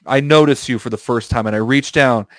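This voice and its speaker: A man's voice: medium pitch, fairly quick, no room sound. A young man telling an improvised comic story to friends, rambling, playful and laughing often. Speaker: podcast co-host telling a story. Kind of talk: casual comedic chat, improvised storytelling.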